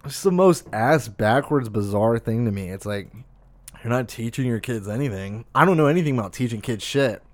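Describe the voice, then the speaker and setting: A man's voice: mid-range voice, expressive, normal speed, no echo. A young man streaming from home, ranting in a casual, exasperated and profane way with lots of fillers, close to his desk mic.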